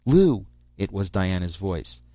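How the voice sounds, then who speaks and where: A man narrating a short story in a steady, even delivery. His voice sits low and dry, with a dull, lo-fi sound. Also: normal speed, dry recording. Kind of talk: reading a story aloud. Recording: dull lo-fi recording.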